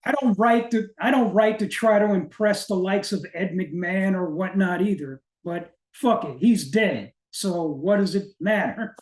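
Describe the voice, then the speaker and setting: A man's voice: sits high, measured pace, few pauses, roomy sound. A man interviewed as a poet guest, speaking earnestly with blunt, dry profanity. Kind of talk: interview conversation.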